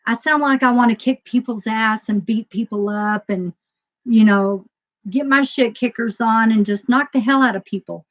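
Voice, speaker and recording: A woman telling a personal story to a live audience in a casual, emotional way, laughing often and swinging between loud and quiet. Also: a little high, normal speed. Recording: dull lo-fi sound.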